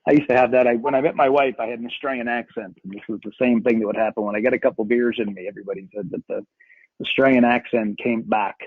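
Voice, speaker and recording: A man hosting a casual coaching Q&A call, upbeat and joking, with quick banter. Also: mid-range voice, steady tone, slightly rough, dry recording. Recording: tinny phone-like line.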